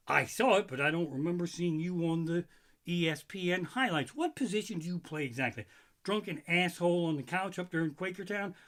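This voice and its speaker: Guy doing a sweary standup rant, kinda high voice, mocks people he quotes. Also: a bit bright. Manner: profane, ranting, mocking quoted voices. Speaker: stand-up comedian. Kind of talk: stand-up comedy routine.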